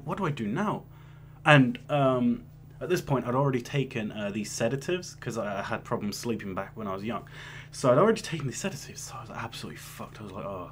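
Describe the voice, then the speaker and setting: A young man telling a story in a casual, rambling way, swearing often and restarting his sentences. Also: fairly low pitch. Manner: rambling, profane, with many restarts. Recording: faint hum behind.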